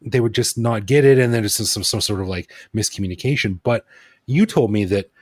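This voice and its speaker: A man hosting a podcast in relaxed, thoughtful casual chat with self-deprecating asides. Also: lowish voice, brisk, no echo, studio quality. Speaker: podcast host.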